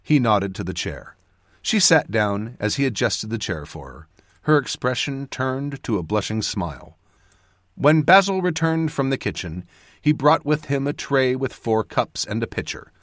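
An audiobook narrator reads a fantasy story in a scripted style, his male voice unhurried and heavily varied as he slips between characters, with lively swings in pitch and loudness. The recording is dry and close, with no echo or room sound.

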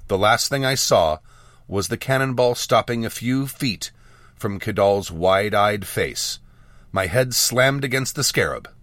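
A man narrating a first-person fantasy audiobook with measured storytelling and lively dialogue. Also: lowish voice, no room sound, studio quality.

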